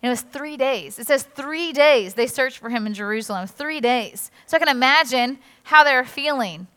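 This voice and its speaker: A woman pastor giving a conversational sermon in an animated, chatty way, acting out quotes. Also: high voice, normal speed, smooth. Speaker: executive pastor. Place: church auditorium. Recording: reverberant church hall.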